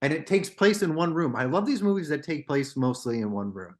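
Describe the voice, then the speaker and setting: A young man co-hosting a casual movie podcast, excitable and quick to jump between topics. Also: on the high side. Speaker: podcast co-host. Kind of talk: casual chat about movies.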